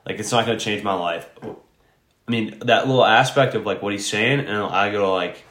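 A man's voice: fairly low pitch, moderate pace, fairly bright tone. Blunt, foul-mouthed man chatting. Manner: blunt, swears heavily, lots of "like" fillers. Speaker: podcast co-host. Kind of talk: casual chat. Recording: echoey room.

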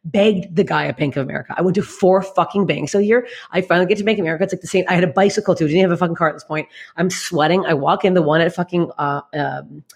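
Woman comedian in her late 30s; rapid-fire, blunt, profane storyteller. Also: fairly low pitch, creaky, slightly rough. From Canada. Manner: blunt, swears constantly, animated retelling. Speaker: guest comedian. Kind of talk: candid podcast storytelling.

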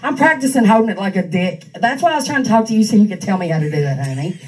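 A woman's voice: mid-range voice, lively intonation, racing, darkish tone, far from the mic, rough recording. Mocking woman ranting crudely, off-mic. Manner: mocking, crude, laughs often. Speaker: streamer ranting at an online troll. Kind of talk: profane casual rant. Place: on a couch at home. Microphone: handheld microphone.

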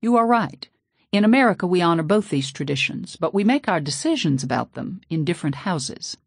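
A woman voicing an American preacher man, a stern, red-faced figure who shouts with booming scorn. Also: very animated, brisk, slightly rough, no room sound, studio quality, heavily acted. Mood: strained calm.

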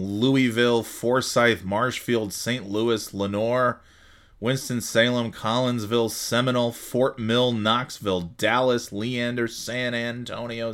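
A man's voice: mid-range voice, a bit bright. A man hosting a solo podcast from home, chatting casually in a rambling, jokey, self-mocking way. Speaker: podcast host.

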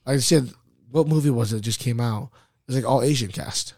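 Podcast host, male, gravelly edge, loose rambling talk, dry close mic. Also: medium pitch, fairly quick, a little mellow, no echo. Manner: loose, rambling, swearing, says "like" a lot. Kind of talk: casual podcast chat.

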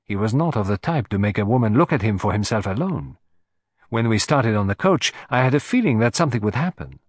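A man's voice: lowish voice, very animated, a little fast, dry recording. A smug, theatrical detective who savors every deduction, his clipping each phrase, as a male audiobook reader puts him on. The voice leaps about expressively and sounds dry and close. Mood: explaining. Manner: precise, self-satisfied, theatrical. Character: fussy, proud, shrewd older male Belgian detective.

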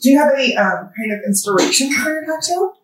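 Lively woman bartender, off-mic in echo. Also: high-pitched, fast, distant mic. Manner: lively, prone to loud outbursts, casual swearing. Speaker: podcast co-host and bartender. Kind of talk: casual chat while mixing drinks. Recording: echoey room, voice a bit off-mic.

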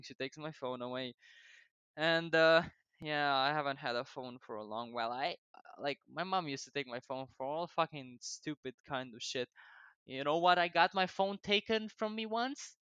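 A young adult vlogger with a non-native English accent rambles through profane stories about his life, laughing often and drifting off on tangents. His voice is on the high side, bright, forceful, clear, and resonant. There's no room sound, though the audio is dull.

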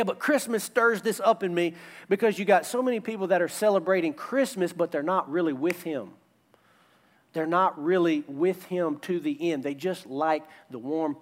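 A man preaching a sermon in a high voice. He repeats his phrases for emphasis and calls out for responses from the congregation. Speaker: pastor.

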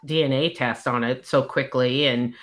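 A woman co-hosting a casual book recap chat, retelling the plot as a story and answering with quick agreement. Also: a bass voice, fairly even intonation. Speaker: podcast co-host.

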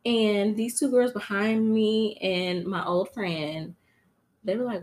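A woman co-hosting a casual podcast, telling stories in an animated, dramatic way with lots of cursing. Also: medium pitch, a little slow. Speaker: podcast co-host. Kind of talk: casual chat.

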